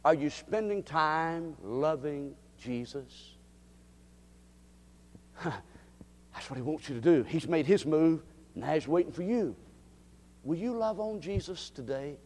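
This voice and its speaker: A man preaching a sermon, dropping to a hush and rising to shouts. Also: a little high, expressive, takes it slowly, pauses often, in a large hall. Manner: dramatic swings from hushed to shouting.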